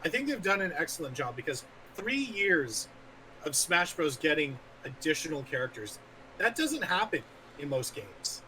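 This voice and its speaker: A man co-hosting a gaming podcast, chatting in a lively, agreeable way. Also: a little high, a little hiss or hum, poor audio. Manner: lively, agreeable, quick to laugh. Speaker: podcast co-host. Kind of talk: casual chat.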